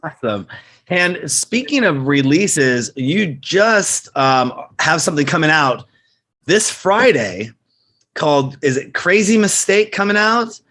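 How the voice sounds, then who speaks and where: A man's voice: on the high side, big pitch swings, slow, bright, forceful tone. An American man hosting an interview over a video call, asking upbeat, friendly questions. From United States. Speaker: interview host. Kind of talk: casual interview. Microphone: computer mic over a video call.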